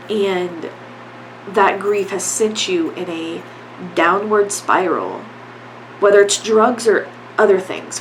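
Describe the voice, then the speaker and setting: A woman's voice: medium pitch, noisy background. A woman hosting a solo podcast, talking earnestly and bluntly about grief, urging listeners with repeated plain phrases and casual swearing. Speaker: podcast host.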